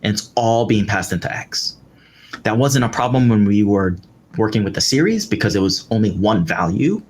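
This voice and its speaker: An expressive man with a lowish voice and a normal speaking speed guides viewers through a live coding tutorial step by step, saying "um" and "right" as he works. Keyboard typing sounds in the background.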